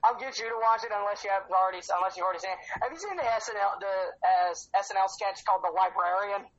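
A man's voice: high voice, quick pace, fairly bright tone, dull audio. A man hosting a casual fan podcast, rambling, swearing and slipping into silly voices. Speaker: podcast host.

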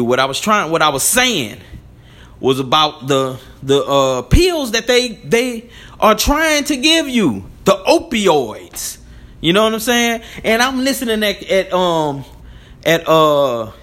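A man's voice: high voice, sing-song, slow pace, a bit bright. A man hosting his own commentary channel, talking loosely and conversationally. He laughs often and keeps saying "you know what I'm saying". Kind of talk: casual spoken commentary.

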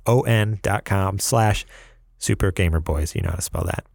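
A man's voice: sits low, moderate pace, gravelly, a little mellow, no room sound, studio quality. A man from upstate New York co-hosting a casual podcast, chatting and reading plugs with frequent laughs. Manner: laughs often, reads plugs with rambling asides. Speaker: podcast co-host.

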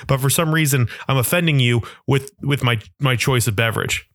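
Bright, rambling man telling stories. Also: mid-range voice, brisk, hardly any pauses, dry recording, clean studio sound. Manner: rambling, self-deprecating, animated storytelling. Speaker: comedian. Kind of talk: comedic monologue.

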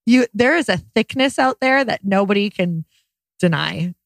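A woman's voice: mid-range voice, lively intonation, moderate pace, vocal fry, dry recording, clean studio sound. Playful giggly woman podcast host. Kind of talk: casual chat.

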